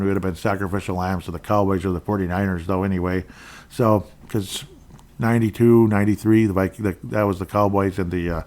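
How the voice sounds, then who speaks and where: A man's voice: low-pitched, a little mellow. A man from Minnesota hosting a podcast, rambling through casual sports talk, going off on tangents, and speaking his mind bluntly. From Minnesota, USA. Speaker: podcast host.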